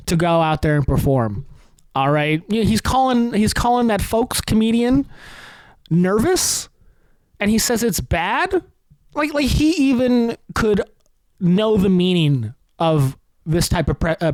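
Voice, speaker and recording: A man's voice: high-pitched, no echo. A man hosting a comedy podcast, delivering a sarcastic, profane rant. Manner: ranting, sarcastic, heavily profane.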